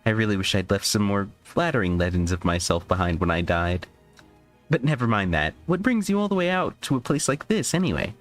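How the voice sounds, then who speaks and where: A man's voice: on the low side, lively intonation, fairly quick, soft background music, close to an everyday voice. A man putting on a shy young heroine voice. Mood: earnest. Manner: fretful, self-deprecating, breathless gratitude. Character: gentle, anxious young woman heroic spirit. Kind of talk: reading visual novel dialogue aloud.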